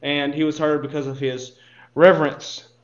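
A man's voice: on the high side, flat delivery, normal speed, echoey room, highs cut off. A man teaching a Bible class in earnest, posing rhetorical questions and restarting his phrases.

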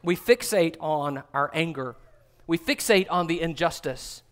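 A man preaching a sermon in an earnest way, sometimes dropping to a hushed voice for emphasis. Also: fairly high pitch, expressive, a little slow. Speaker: pastor.

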